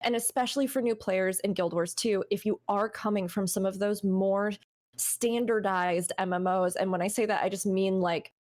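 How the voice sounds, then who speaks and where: A woman's voice: mid-range voice, fairly even intonation, normal speed, darkish tone. A young woman chatting on a gaming podcast in an earnest, talkative way. She gives advice and now and then acts out what a player might say. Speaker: podcast guest. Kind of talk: casual podcast chat.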